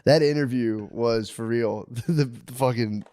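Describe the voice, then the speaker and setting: Male podcast co-host, mid-pitched, swears often, laughs a lot, dry studio sound. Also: measured pace, mellow, dry recording. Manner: laughs often, profane, jumps between topics. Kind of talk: casual crude banter.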